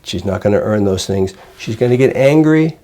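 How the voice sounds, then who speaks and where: An older man, a child psychiatrist, calmly explaining parenting techniques to a parent in plain, conversational teaching. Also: fairly low pitch, moderate pace. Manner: calm, explanatory, plain-spoken. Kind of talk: conversational teaching with role-play examples.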